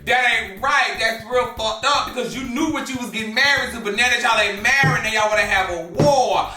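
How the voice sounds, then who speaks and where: A man's voice: very high-pitched, a little fast, bright, forceful tone. A man hosting a gossip show, talking sassy and exclaiming, laughing often. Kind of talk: casual drama commentary. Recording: echoey room, distant from mic, faint music.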